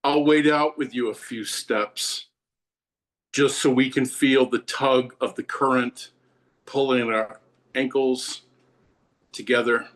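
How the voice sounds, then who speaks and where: A man reading his poem at an open mic in a calm, deliberate way. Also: mid-range voice. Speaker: poet performing at an open mic. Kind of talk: poetry reading.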